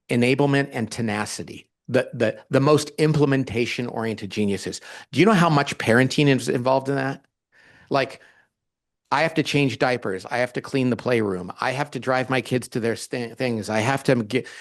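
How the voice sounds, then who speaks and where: Animated man telling stories. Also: medium pitch. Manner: animated storytelling, acts out quoted dialogue. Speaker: guest author. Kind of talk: conversational interview.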